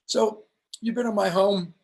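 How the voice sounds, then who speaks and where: A middle-aged man telling stories as a motivational speaker in an interview, with an emphatic, preacher-like cadence that slows down for punch lines. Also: high-pitched, fairly even intonation, darkish tone. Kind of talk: storytelling on a live stream interview.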